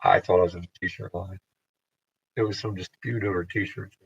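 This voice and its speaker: A man with a very low voice drifts through a loose, profane monologue, stopping and restarting his thoughts. The recording sounds dull and lo-fi, with the top end rolled off. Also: fairly even intonation, creaky, slightly rough. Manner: meandering, profane, halting restarts. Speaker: vlogger. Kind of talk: rambling casual monologue to camera.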